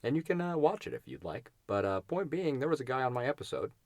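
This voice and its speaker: A man's voice: medium pitch, sing-song, fast, a little mellow, no room sound. A young man co-hosting a podcast, chatting casually and rambling with lots of fillers and restarts. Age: young adult. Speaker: podcast co-host. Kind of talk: casual chat.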